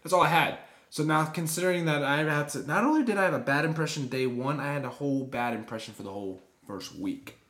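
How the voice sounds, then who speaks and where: A young man, a German native speaker, co-hosting a podcast and telling stories in a casual, animated way. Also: quick pace, roomy sound. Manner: animated storyteller who acts out quotes with big pitch jumps. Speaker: podcast co-host. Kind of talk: casual storytelling chat.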